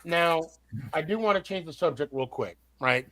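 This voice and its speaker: A man's voice: fairly high pitch, lively intonation, moderate pace, a bit bright, no echo. A man hosting a casual sports podcast, often repeating and restarting words as he builds his point.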